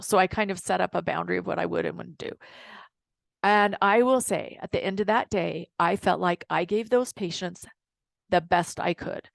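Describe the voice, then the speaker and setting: A middle-aged woman, a dental hygienist and coach, telling a work story to an audience in a lively way, acting out what people said. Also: medium pitch, vocal fry, dry recording. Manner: storytelling, animated retelling with quoted dialogue. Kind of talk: casual talk to an audience.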